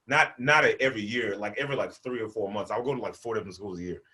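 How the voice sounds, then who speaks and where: A young adult man from the United States doing a stand-up comedy set, telling stories and acting out characters with loud, high-pitched outbursts and laughter. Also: very fast. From American, born in Portland, raised in Memphis.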